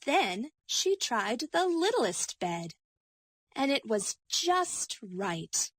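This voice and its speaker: A woman narrating a children's story slowly and expressively. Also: on the high side, breathy edge. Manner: slow and expressive.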